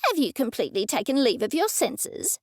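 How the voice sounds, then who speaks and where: Disdainful audiobook woman, narrator-read, clipped, higher, dry. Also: sing-song, brisk, no room sound, heavily acted. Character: haughty disdainful woman, grumpy mornings.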